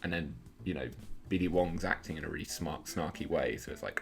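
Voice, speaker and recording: A man's voice: rumbling low, fairly quick, vocal fry. A man co-hosting a casual film commentary, analytical and thinking aloud with plenty of filler words.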